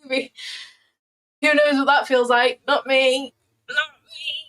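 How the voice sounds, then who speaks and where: A woman's voice: sits high, flat delivery, slow, fairly bright tone, poor audio. A young woman chatting casually on a livestream, playful and rambling as she reacts to her chat. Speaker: trading livestreamer.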